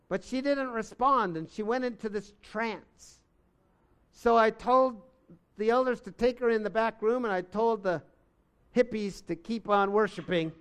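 Slow-speaking high-voiced male preacher. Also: fairly bright tone, smooth. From United States. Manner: slow, earnest storytelling with emphatic outbursts. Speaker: pastor. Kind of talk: sermon storytelling.

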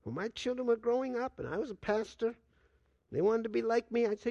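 An older man preaching a sermon as a pastor, swinging between loud and hushed delivery and acting out quoted dialogue. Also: very high voice, expressive, a little fast, gravelly, no room sound, highs cut off. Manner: acts out dialogue with God in quoted voices.

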